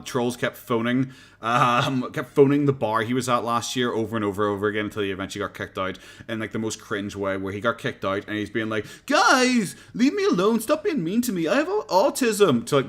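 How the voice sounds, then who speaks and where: A man's voice: medium pitch, a bit bright. An Irish man chatting casually as a streamer reacting to videos, rambling, swearing and laughing often. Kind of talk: casual chat.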